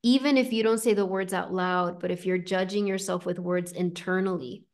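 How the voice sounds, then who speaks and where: Gentle woman leading a spiritual talk. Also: lowish voice, steady tone, moderate pace. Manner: gentle, reflective, many fillers like "right?" and "like". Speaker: host and spiritual teacher. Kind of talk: guided spiritual talk with meditation.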